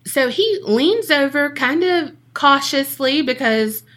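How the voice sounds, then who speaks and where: Bright-voiced woman telling a story. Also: sits high, lively intonation, slow. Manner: profane, jokey storytelling. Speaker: podcast co-host. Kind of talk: casual storytelling chat.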